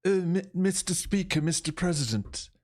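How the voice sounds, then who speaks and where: A man with an English accent voicing a stately older male monarch who addresses a chamber in a formal, measured way with dry wit. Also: sits high, animated, darkish tone, pitched above the performer's own voice. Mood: dry teasing.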